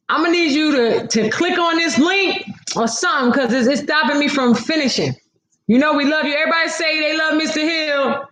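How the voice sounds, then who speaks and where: Speaking straight to her audience, a sassy woman runs a casual livestream and reads their comments aloud. Her pitch sits a bit high and her tone is fairly bright, with clear echo from the room.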